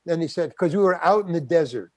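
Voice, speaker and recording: Older guy spinning a yarn, slightly high voice, acts out the lines, dry close sound. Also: fast talker, no room sound. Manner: animated storyteller acting out quotes. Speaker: guest actor. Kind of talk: anecdotal storytelling.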